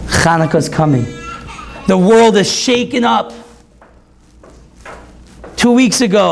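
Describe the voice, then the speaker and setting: A man who is a rabbi and teacher, giving an impassioned sermon at an event that builds to near-shouts. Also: high voice, expressive, slow, vocal fry, pauses often. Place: event hall.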